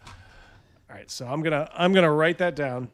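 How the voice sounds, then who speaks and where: A man's voice: on the high side, moderate pace, no echo. Mocking man on a dry close mic. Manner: mocking, laughing, loose. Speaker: host reacting to a stream. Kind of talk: casual live commentary.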